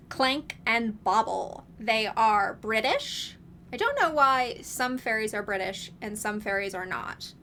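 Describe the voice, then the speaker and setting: A woman's voice: medium pitch, bright, forceful tone, slight background noise. A woman giving casual, opinionated commentary, chatty and wry with frequent laughs and sarcastic asides. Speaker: video essayist reviewing films.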